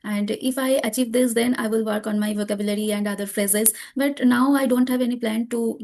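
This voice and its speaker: Indian woman, Bengali first language; soft, dark tone, a bit high, halting interview answers. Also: fairly even intonation. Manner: hesitant, frequent fillers and restarts. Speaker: guest learner. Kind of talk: conversational English practice interview.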